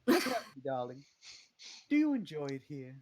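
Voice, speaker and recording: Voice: medium pitch, very animated, moderate pace, slight background noise, close to an everyday voice. A game master voicing a villainous female eldritch empress who calls everyone darling, in a silky, condescending manner during a tabletop game. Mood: coaxing. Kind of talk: tabletop role-play voicing.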